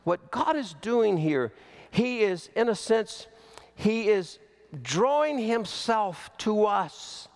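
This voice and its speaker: A man preaching a sermon as pastor, slow and emphatic, with big swings in pitch. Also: expressive. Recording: long hall reverb.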